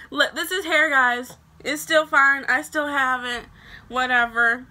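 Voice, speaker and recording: A young woman with a very bright, sharp voice pitched a little high. She chats to her camera in a loose, animated storytime style and keeps dropping "like" between phrases. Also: moderate pace. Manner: chatty and animated, heavy use of "like" fillers. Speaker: vlogger telling a story.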